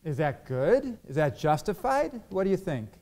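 A man gives a sermon in a church hall and keeps asking his congregation questions. His voice sits a little higher than most men's. He acts out the arguments he quotes. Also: sing-song, normal speed, a little mellow. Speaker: pastor.

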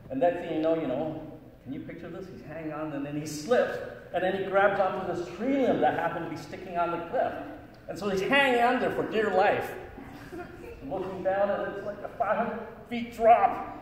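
Jokey middle-aged pastor in an echoey hall. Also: male voice, high voice, moderate pace. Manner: jokey, animated storyteller. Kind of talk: storytelling talk to children. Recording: echoey hall from far off, background noise.

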